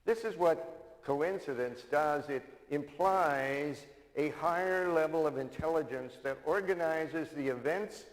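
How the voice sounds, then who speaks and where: A man's voice: on the high side, unhurried. An older man preaching a sermon as a minister, telling stories and repeating key lines for emphasis. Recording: reverberant hall.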